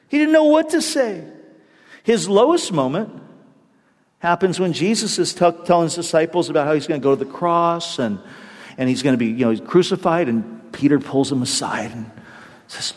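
A man's voice: on the high side, a little fast, in a large hall. A man preaching a sermon, telling a story with energy and acting out the quotes in different voices. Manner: animated storytelling, acts out quotes in shifting voices. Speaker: pastor.

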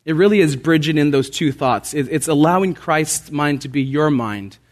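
A man pastor preaching a sermon in an earnest, emphatic way, repeating phrases and rising in pitch for emphasis. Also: moderate pace.

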